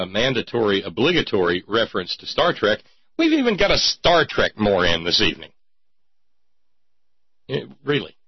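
Wry, husky-voiced male talk host. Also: on the low side, dry recording. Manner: wry, digressive, sarcastic. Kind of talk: casual radio-style commentary. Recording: dull lo-fi recording.

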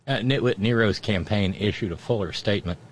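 A man hosting a commentary show, reading news items and breaking in with sarcastic, mocking asides. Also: lowish voice. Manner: wry, mocking, quick interjections.

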